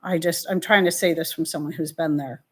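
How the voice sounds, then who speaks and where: A woman's voice: sits low, steady tone, brisk, fairly bright tone. Heartfelt woman hosting a live chat. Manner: heartfelt, faith-filled, rambling with restarts. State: emotional, near tears. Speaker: host of a live stream answering viewer questions.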